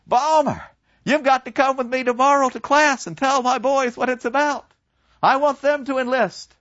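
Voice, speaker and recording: A man voicing a zealous, pompous old schoolteacher who preaches glory in a shrill, strident way. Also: moderate pace, fairly bright tone. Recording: dull lo-fi dry recording.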